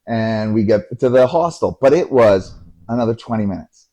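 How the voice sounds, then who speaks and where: Husky, lively male podcast storyteller. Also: lowish voice, moderate pace. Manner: animated storytelling, acts out voices, swears. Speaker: podcast host. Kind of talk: casual storytelling.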